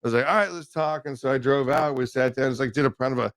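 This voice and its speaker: A man's voice: medium pitch, level tone, rapid-fire, no echo. A man co-hosting a podcast, telling long rambling stories with a lot of swearing. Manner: profane, rambling storyteller. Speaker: podcast co-host. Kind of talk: casual podcast chat.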